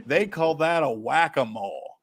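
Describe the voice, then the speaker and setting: A man's voice: a little high, lively intonation, normal speed, slightly rough. A man imitating a chatty male record dealer with a Virginia accent and an exaggerated folksy drawl.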